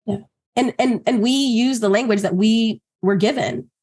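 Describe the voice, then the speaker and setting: Podcast cohost lady, kinda high voice, animated, lots of "like" and acting out quotes. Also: moderate pace. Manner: animated, acts out quoted voices, many fillers. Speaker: co-host. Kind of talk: casual podcast chat.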